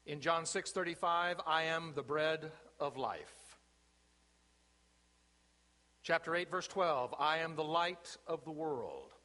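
A man preaching a sermon from the pulpit, with slow, emphatic phrasing and deliberate pauses. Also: fairly high pitch, animated, pushed and bright. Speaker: pastor. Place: church sanctuary. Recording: long reverb of a church sanctuary.

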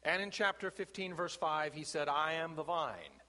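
A man's voice: on the high side, sharp tone. Emphatic preaching man in a reverberant church. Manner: slow, emphatic preaching with deliberate pauses. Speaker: pastor. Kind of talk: sermon. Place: church sanctuary. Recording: long reverb of a church sanctuary.

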